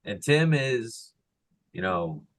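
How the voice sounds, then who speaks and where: A man co-hosting a podcast in emotional casual chat, animated, swinging from soft and quiet to loud excited bursts. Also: mid-range voice, takes it slowly, a little hiss or hum, poor audio. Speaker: podcast co-host.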